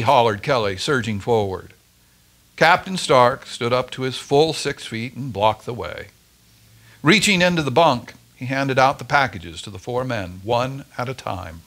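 Expressive male storyteller. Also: mid-range voice, a little slow. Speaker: story reader at a church Advent service. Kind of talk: scripted story reading.

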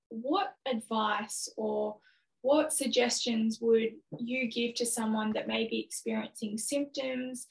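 Gravelly-voiced woman podcast host. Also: fairly high pitch, poor audio. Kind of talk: interview questions.

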